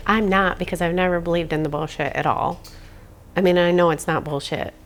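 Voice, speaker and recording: Scared woman describing a haunting; low, gravelly voice, rambling and swearing. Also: fairly even intonation, a little fast, slight background noise. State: frightened. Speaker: homeowner reporting a haunting. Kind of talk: casual interview.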